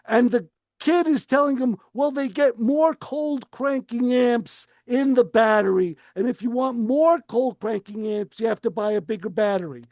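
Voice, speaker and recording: A man's voice: extremely high pitch, normal speed, a little mellow, dry recording. A man co-hosting a radio car show, telling a long story and acting out the voices of the people in it. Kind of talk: casual storytelling on talk radio.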